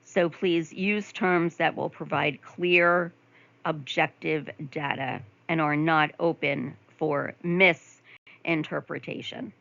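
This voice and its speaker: Woman, gravelly voice, slide lecture voice-over, dull lo-fi sound. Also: low-pitched, steady tone, takes it slowly, a bit bright. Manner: conversational, gives examples in the first person. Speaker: nursing instructor. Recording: dull lo-fi mic.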